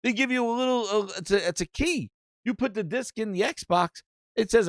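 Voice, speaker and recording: A man's voice: high voice, fairly quick, dry recording, studio quality. A man hosting a gaming podcast, ranting casually with plenty of swearing and reading chat messages aloud. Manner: animated, profane, reads chat aloud. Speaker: podcast host. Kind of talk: casual live-stream rant.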